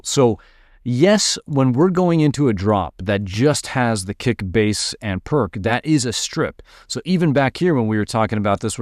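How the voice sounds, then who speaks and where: A man's voice: mid-range voice, a little mellow, no echo, studio quality. A man teaching music production in a casual screen-share tutorial, explaining as he works and checking in with "right?" and "all right".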